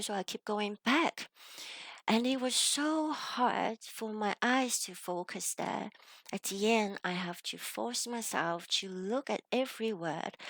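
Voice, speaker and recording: Slow-spoken woman with a Chinese accent. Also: medium pitch, a bit bright, no room sound. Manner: earnest, with some hesitant fillers. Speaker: self-development vlogger. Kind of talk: reflective personal storytelling to camera.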